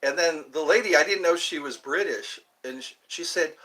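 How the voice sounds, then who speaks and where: A man's voice: a little high, moderate pace, bright, forceful tone, poor audio. A man in his fifties from the United States, hosting a live stream and chatting in a meandering way, full of asides and restarts. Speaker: livestream host. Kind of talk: rambling live-stream chat.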